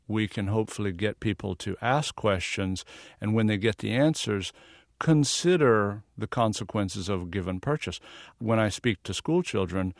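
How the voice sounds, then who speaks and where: A man from the American South, a photographer, interviewed on the radio in a relaxed, storytelling way that breaks into easy laughs. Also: fairly low pitch, no room sound, studio quality. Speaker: guest photographer.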